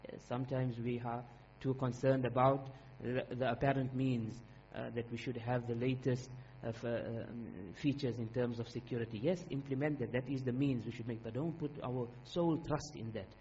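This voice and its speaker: A man preaching a sermon in an earnest, emphatic way, repeating key phrases and reciting Arabic verses quickly. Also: mid-range voice, fairly even intonation, a little mellow. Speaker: Islamic preacher. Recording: dull lo-fi recording with faint hum.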